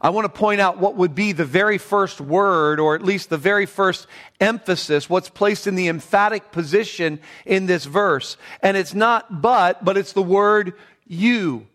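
A man from Pennsylvania, a pastor preaching an earnest sermon in a church sanctuary. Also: high-pitched. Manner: earnest preaching, slows and softens in prayer.

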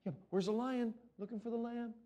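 A middle-aged man preaching a sermon, swinging from loud exclamations to low, hushed passages. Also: fairly even intonation, fairly quick. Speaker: pastor.

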